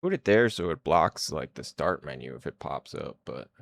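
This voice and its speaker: A man's voice: rumbling low, very animated, moderate pace, vocal fry. A man streaming his indie game development, chatting to viewers in a hyped-up, rambling way. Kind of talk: casual livestream chat.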